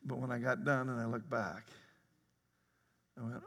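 Pastor guy preaching in a church, chatty, bursts out loud sometimes, echoey hall. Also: medium pitch, flat delivery, moderate pace. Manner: conversational preaching with laughter and sudden loud outbursts. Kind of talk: sermon. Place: church sanctuary.

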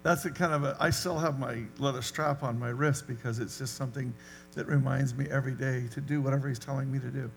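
A man's voice: medium pitch, steady tone, fast talker, creaky, soft background music. A man leading a church prayer gathering, affirming speakers and calling on the next. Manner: affirming, encouraging responses. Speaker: prayer meeting leader. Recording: faint hum.

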